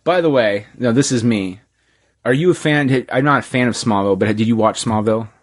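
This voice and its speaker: In a laid-back podcast conversation, a man animatedly recounts stories and voices the people he quotes. His mid-range delivery runs a little fast.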